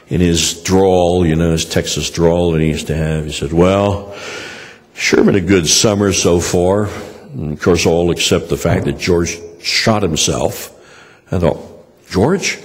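A man's voice: sits low, long reverb tail. An older man preaching a sermon and telling personal stories in a rambling way, with frequent hesitations and restarts. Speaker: pastor. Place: church hall.

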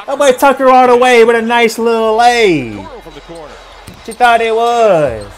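A young man giving casual, slang-heavy play-by-play reaction to basketball highlights, stammering, repeating himself and laughing as he hypes the plays. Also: expressive, unhurried. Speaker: sports reaction host.

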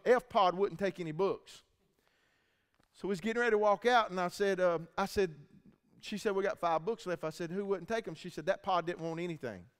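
A man preaching a testimony sermon in a church, telling the story with animated acted-out dialogue. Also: a little high. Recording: echoey church hall.

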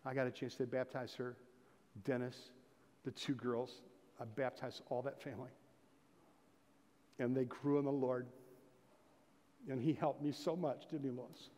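A man's voice: medium pitch, steady tone, unhurried, long pauses, warm tone. A middle-aged man preaching a sermon as pastor, telling folksy stories and building to emphatic exhortation. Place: church sanctuary. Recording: long reverb of a church hall.

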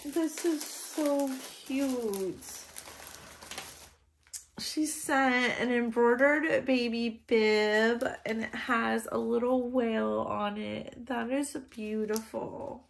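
A woman hosting a doll-collecting vlog, opening a gift box, gushing and emotional, close to tears, with sighs and soft laughs between words. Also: on the high side, very slow, gravelly. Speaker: reborn doll channel host.

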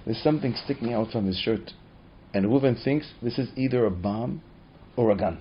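A man's voice: mid-range voice, normal speed, a little hiss or hum. A man teaching as a rabbi, telling a story dramatically with repeated phrases. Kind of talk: storytelling lesson. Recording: dull muffled recording.

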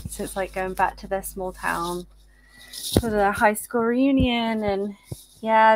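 A woman co-hosting a writing livestream, chatting casually with frequent laughter and a rambling way of talking. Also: on the low side. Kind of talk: casual chat.

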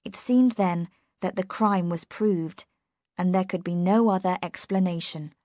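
A woman narrating an audiobook for English learners, reading slowly, carefully and in a measured way. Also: on the low side, mellow, dry recording, clean studio sound.

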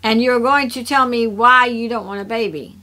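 A woman voicing an honorable young man who speaks in firm, measured commands. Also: on the high side, pushed and bright.

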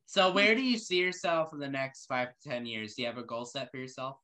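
A man's voice: mid-range voice, brisk, bright, forceful tone. A man hosting an interview show, asking questions casually with lots of fillers and loose, rambling answers. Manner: rambling, many fillers, friendly.

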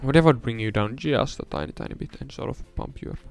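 A young man giving casual let's-play commentary, rambling between mumbled asides and loud excited outbursts. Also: medium pitch, quick pace, vocal fry, dry recording, faint music behind.

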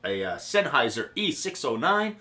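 A man's voice: mid-range voice, very animated, moderate pace, sharp tone. Cussing guitar dude rambling about his pedal, joking around, medium voice. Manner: profane, rambling, jokey. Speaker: gear demo host. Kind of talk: casual pedal demo vlog. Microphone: guitar-cab recording setup, camera mic.

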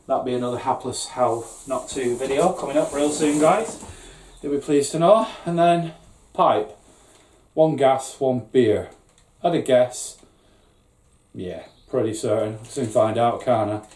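Unboxing home-brewing equipment in a garden shed, this middle-aged channel host rambles, curses, and mocks himself in easy conversation. He has a mid-range, slightly mellow voice, with a bit of background noise. The recording is echoey, picked up from a distant microphone.

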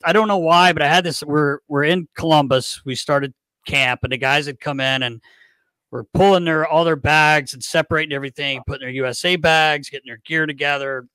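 A fairly high-voiced man hosts a podcast and rattles off a long, cursing story. He sounds animated and laughs often. The recording is close and very dry. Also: a little fast, dry recording. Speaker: podcast host. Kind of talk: casual storytelling chat.

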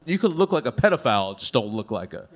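A man performing stand-up comedy in a club, with an animated, punchy delivery full of rhetorical questions. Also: medium pitch, fast.

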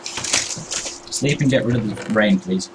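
During a live-streamed co-op game, a man with a lowish, slow voice banters playfully with his co-host, swinging between calm talk and shouting. It's casual game-stream chat, captured in a noisy home recording.

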